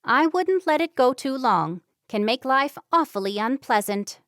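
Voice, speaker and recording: A woman voicing a brisk, practical older healer in an audiobook story, giving matter-of-fact advice. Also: sits high, lively intonation, fairly bright tone, no echo, clean studio sound, pitched above the performer's own voice.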